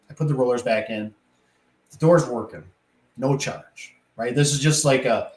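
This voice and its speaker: A man who installs garage doors, telling work stories in a casual, rambling way and acting out the voices in them. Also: mid-range voice. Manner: rambling, animated, acts out quoted voices. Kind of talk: casual storytelling monologue. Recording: echoey room.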